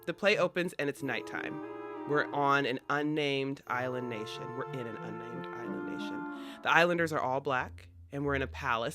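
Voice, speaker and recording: A man hosting a podcast, retelling a historical play in a chatty, animated way. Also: on the high side. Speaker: podcast host. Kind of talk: casual storytelling of history.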